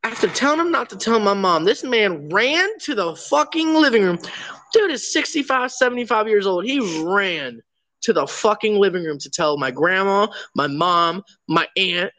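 A young man hosting a podcast, telling crude stories in an animated way and swearing freely. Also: high voice. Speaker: podcast host. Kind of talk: casual storytelling chat.

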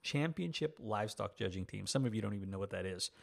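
A man's voice: on the low side, animated, quick pace, vocal fry. A man in his fifties, a pastor delivering a sermon, reading scripture and breaking into folksy, self-teasing asides.

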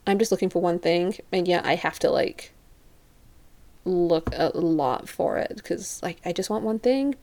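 Expressive and measured, her lowish voice is creaky and a little mellow. She's a young European vlogger telling the camera a casual story, chatty and saying "like" constantly while she acts out other people's words.

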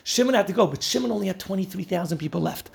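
A man with a high, gravelly voice gives an animated Torah talk. He tells each story with energy and often laughs as he goes. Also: rapid-fire. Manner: animated storytelling, laughing often, mixing Yiddish and Hebrew terms. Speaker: Torah teacher.

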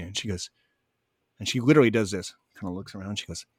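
A man calmly telling stories in an interview, acting out both sides of each conversation. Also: lowish voice, fast talker, slightly rough, no echo, studio quality. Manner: animated, acts out both sides of dialogue. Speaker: guest, spiritual medium. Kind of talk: conversational storytelling.

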